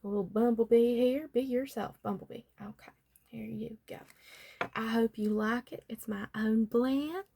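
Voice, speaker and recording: Woman, whispered role-play, salon artist with a put-on Southern accent, fairly high voice, soothing and chatty. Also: moderate pace, vocal fry, slight background noise. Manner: chatty and soothing, calls listener honey and darling; drifts between whisper and soft voice. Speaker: ASMR artist as makeup and magic salon worker.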